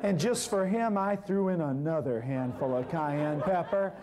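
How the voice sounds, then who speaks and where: Brief: high-pitched male storyteller, animated, acts out every character on stage. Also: a little slow, a crowd in the background. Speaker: herbal healer telling a story on stage. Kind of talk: storytelling lecture.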